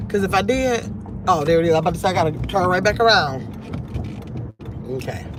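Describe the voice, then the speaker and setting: A middle-aged grandmother hosts a casual livestream from her car, reading viewer comments aloud in a rambling, reflective way. Her voice sits fairly low in pitch and sounds animated and a little fast, with background noise present.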